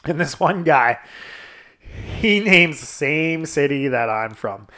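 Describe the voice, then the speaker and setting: A man's voice: on the high side, animated, takes it slowly, sharp tone. A man hosting a podcast, telling a crude story in casual chat, laughing often and swearing freely. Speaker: podcast host.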